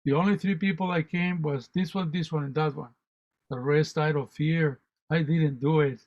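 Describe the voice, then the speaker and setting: A man putting on a patient, apologetic Death from a storytold fable, a fairly high man's voice that stays close to his own. The sound is dull and lo-fi, like a streamed radio call. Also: fairly even intonation, normal speed, a little mellow, close to an everyday voice. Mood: calm explaining. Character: Death personified, calm and matter-of-fact. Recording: dull lo-fi online radio audio.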